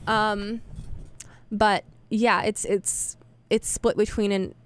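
A woman's voice: mid-range voice, level tone, slow pace, clear, resonant tone. A young woman hosting a radio show, chatting casually between songs in a rambling, self-deprecating way, full of fillers and restarts. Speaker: radio host.

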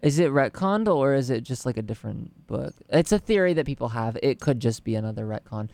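Give me a gravelly-voiced podcast co-host in loose, joking chat, full of quick asides. The voice sits mid-pitch with a rough, fry-heavy edge, breaking into easy agreement and teasing remarks. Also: animated, a little mellow, no room sound. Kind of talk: casual chat.

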